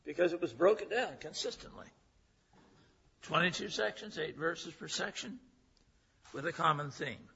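A man's voice: fairly high pitch, animated, normal speed, vocal fry, long pauses, pushed and bright, slightly rough. A man preaching a sermon as pastor, teaching by asking and answering his own questions. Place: church sanctuary. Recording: dull long-reverb church hall recording.

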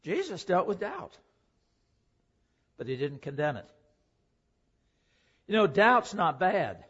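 A man preaching a sermon, emphatic, swinging between loud declaring and hushed, quiet passages. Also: high-pitched, sing-song, slow pace, slightly rough. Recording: dull lo-fi recording.

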